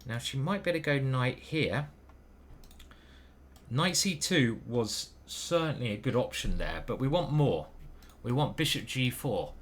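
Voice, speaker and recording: In an animated, medium-pitched voice and without rushing, a grandmaster narrates his own online chess game. He mutters through the moves one by one, hesitantly second-guessing himself.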